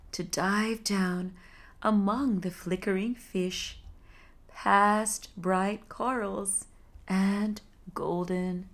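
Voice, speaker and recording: A woman voicing a wise, well-traveled old male sea turtle in a husky voice, speaking slowly and gently in a bedtime story. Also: medium pitch. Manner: slow, gentle and calm.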